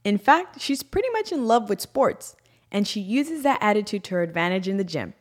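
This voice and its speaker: A woman hosting the segment, reading scripted narration between interview clips with a bright presenter delivery. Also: medium pitch, big pitch swings, brisk. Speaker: show host and narrator.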